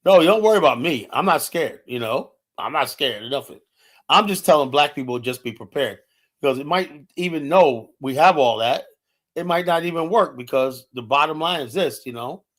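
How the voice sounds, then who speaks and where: A man's voice: fairly high pitch, expressive, moderate pace, fairly bright tone. A man streaming a heated, casual rant, blunt and profane, with constant "you know" fillers. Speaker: live streamer.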